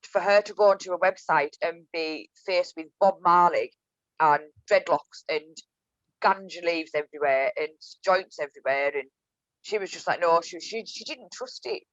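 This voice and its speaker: A Cumbrian woman from Whitehaven, England, a business owner appearing as a guest on a casual podcast, tells stories in a chatty way, full of restarts and fillers. Her voice sits on the low side at a normal speed, and the sound is dry and lo-fi with no room sound.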